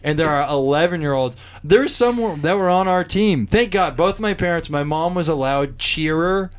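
A man's voice: fairly high pitch, lively intonation, moderate pace, smooth. A man with a slightly raised voice, telling anecdotes on a comedy podcast. His delivery is wry and dry, with casual swearing. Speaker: podcast co-host.

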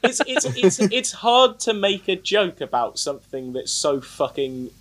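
A man chatting casually about a film, rambling with lots of fillers and swearing, animated. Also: high voice, a little slow, a loud crowd. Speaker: podcast co-host. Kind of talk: casual film-review chat.

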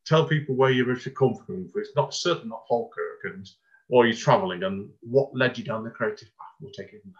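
A man's voice: medium pitch, fast, highs cut off. A man hosting a podcast interview over a video call, chatty and rambling, laughing often and interrupting himself. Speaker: podcast host. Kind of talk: casual interview chat.

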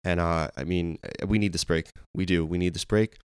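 A man's voice: deep voice, steady tone, brisk, clean tone, no room sound, studio quality. Exasperated man asking rhetorical questions. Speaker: podcast co-host. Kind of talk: casual sports chat.

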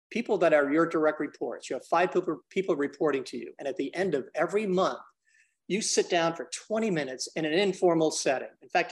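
A man as a podcast guest, explaining business ideas energetically and acting out little dialogues. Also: a little high. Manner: energetic, acts out dialogues in different voices; addresses the host by name often. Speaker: business consultant and trainer.

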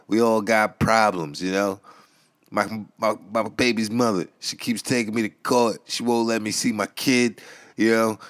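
A man's voice: deep voice, dry recording. A middle-aged man hosting a podcast, delivering a crude, mocking rant full of insults and sometimes mimicking callers in a whiny tone. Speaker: podcast host. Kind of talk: profane comedic rant.

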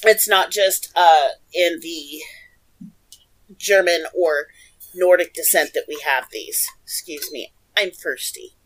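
A woman's voice: lowish voice, slow pace, breathy edge, rough recording. A woman co-hosting a casual podcast, reading notes aloud, laughing often and stumbling over foreign names. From Oregon, USA. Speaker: podcast co-host.

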